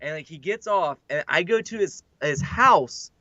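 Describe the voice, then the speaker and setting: Young man, high voice, podcast co-host, chatty storyteller, filler-heavy, dry dull lo-fi mic. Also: animated, measured pace, bright, forceful tone, dry recording. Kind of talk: casual podcast chat.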